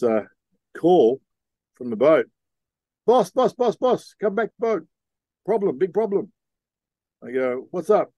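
A middle-aged man, telling a story in a relaxed, rambling way with slang, as a podcast guest. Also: mid-range voice, dry recording. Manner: laid-back, rambling, with Aussie slang. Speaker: podcast guest, sea captain. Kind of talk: casual storytelling.

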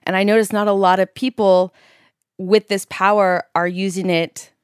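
A woman's voice: medium pitch, level tone, moderate pace, clear, resonant tone, dry recording, studio quality. A young adult woman from San Francisco, a PR company founder, chatting expressively and laughing easily. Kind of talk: casual chat.

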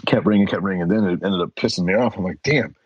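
Middle-aged man, interview guest, low husky voice, dry close sound, lively storyteller. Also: quick pace, no room sound, highs cut off. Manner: animated, acts out voices in anecdotes. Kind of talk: casual storytelling.

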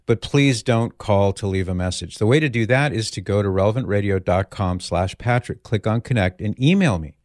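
A man hosting a call-in radio show, chatting gently with callers and leading a prayer. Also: fairly low pitch, brisk, few pauses, no room sound, clean studio sound.

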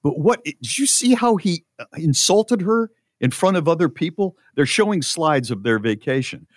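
A man's voice: fairly high pitch, sing-song, moderate pace, no echo, studio quality. A man hosting a casual talk show, incredulous and sardonic. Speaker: podcast host. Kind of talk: casual chat.

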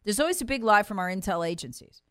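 A woman's voice: medium pitch, expressive, fast, fairly bright tone, no room sound, clean studio sound. Emphatic woman political commentator. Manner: indignant, emphatic, mocks quoted officials. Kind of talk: political talk show commentary.

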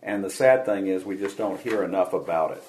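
A man hosting a radio show, reading a scripted dialogue aloud in a measured way. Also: sits low, a little mellow, a little hiss or hum, low-quality recording.

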